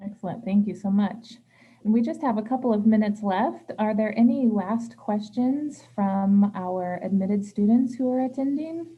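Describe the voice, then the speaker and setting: A woman moderating a live panel session, brisk and polite as she reads out audience questions. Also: medium pitch, husky, lo-fi sound.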